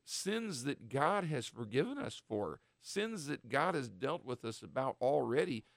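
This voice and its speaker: Male radio Bible teacher, gravelly tone, dry close mic, earnest and halting. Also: mid-range voice, very animated, no echo. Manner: earnest, halting, with many restarts and fillers; acts out short quoted voices of the devil and apostles.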